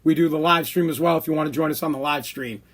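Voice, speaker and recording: A man's voice: a little high, quick pace. A man hosting a podcast from a hot room downstairs, ranting in a heated, profane way and repeating himself for emphasis. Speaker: podcast host. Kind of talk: opinion rant podcast.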